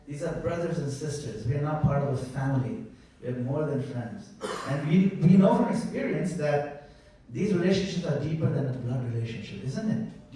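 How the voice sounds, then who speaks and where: A man moderating a conference, giving closing remarks in a warm, storytelling way with playful analogies. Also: fairly high pitch. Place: large conference hall. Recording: echoey hall, voice far from mic.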